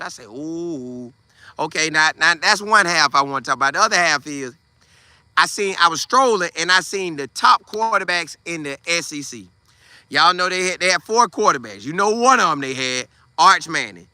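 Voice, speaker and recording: A man hosting a casual football commentary show, talking in an animated, slangy way. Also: a little high, smooth, dry recording. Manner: animated, trash-talking, Southern Black vernacular slang. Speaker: sports podcast host.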